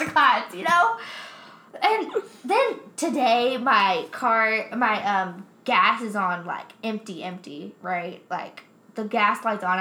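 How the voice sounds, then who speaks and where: Young woman, bright tense voice, chatty and animated, casual swearing, echoey room. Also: high-pitched. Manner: animated, swears often, laughs while telling. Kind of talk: casual storytelling chat. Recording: roomy echo.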